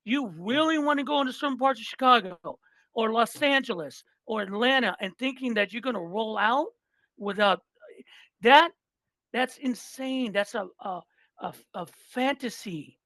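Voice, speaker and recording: A man guesting on a podcast, talking in loose, animated chat and cursing freely. He retells comedy bits and repeats himself to drive points home. His voice is recorded dry, with no room sound. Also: very high-pitched, moderate pace, no echo. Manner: emphatic, repeats himself for stress.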